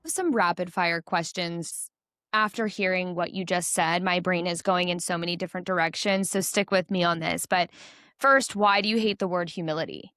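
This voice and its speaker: Woman host, smooth low voice, dry studio, thoughtful. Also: steady tone, moderate pace, fairly bright tone, dry recording. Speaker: podcast host. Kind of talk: interview hosting.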